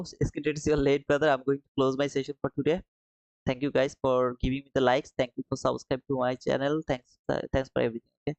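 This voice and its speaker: A man's voice: mid-range voice, gravelly, no room sound. Man chatting to viewers on a dull, dry live stream. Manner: reads viewer comments aloud and answers them; friendly, calls viewers brother and man. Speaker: live-stream trading host. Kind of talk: casual live-stream chat.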